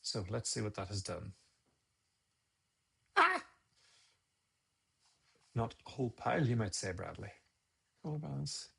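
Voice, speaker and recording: A man with a somewhat low, gravelly voice and a husky edge talks viewers through a photo edit on a live stream. He rambles and thinks aloud, restarting his sentences as he works at his computer. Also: animated, fairly quick. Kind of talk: casual live-stream tutorial.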